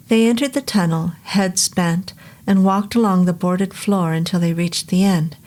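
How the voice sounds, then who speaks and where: A woman reading a vintage horror novel aloud as narrator, in a steady, unhurried storytelling manner. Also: on the low side. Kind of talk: scripted audiobook narration.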